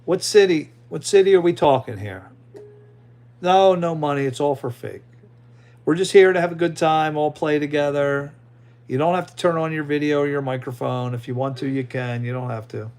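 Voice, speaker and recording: A man's voice: fairly high pitch, steady tone, a little fast, a little mellow. A man hosting a casual livestream, chatting loosely with his viewers and an AI assistant. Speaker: livestream host.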